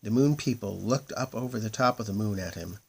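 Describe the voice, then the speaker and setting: A man reading a children's story aloud in a gentle, expressive way. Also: on the low side, fairly quick, gravelly, slightly rough. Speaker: narrator.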